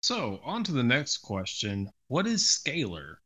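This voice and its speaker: A man's voice: mid-range voice, measured pace. A man from the southern US co-hosting a podcast and reading out the questions. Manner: inquisitive, lively questions. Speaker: podcast co-host asking the questions. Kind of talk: casual podcast chat.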